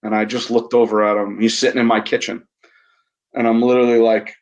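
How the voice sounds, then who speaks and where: A man, an army veteran guest on a podcast, speaking candidly and haltingly, often restarting his sentences. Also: medium pitch, level tone, lo-fi sound. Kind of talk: candid interview conversation.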